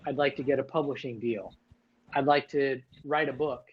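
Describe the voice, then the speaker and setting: A man's voice: medium pitch, fairly even intonation, moderate pace, breathy edge, muffled recording. A man hosting a casual livestream chat, talking loosely with many fillers and restarts. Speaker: livestream host.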